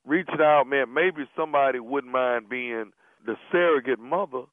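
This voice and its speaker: A man's voice: medium pitch, moderate pace, dry recording. A man making a prank phone call as a radio host, stammering and pleading, then insistent. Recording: dry, tinny phone-like sound.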